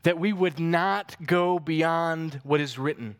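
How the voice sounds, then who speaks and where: Man, sermon, high voice, reads scripture then explains it, animated with fillers. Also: takes it slowly, smooth. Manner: expository preaching, reading scripture aloud with commentary; animated when retelling, with chuckles and fillers. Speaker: preacher.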